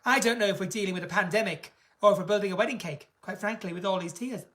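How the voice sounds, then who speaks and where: A woman's voice: mid-range voice, fast talker, a bit bright. A woman hosting a casual live stream, chatting in a camp, gossipy and theatrical way. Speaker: singer and live-stream host.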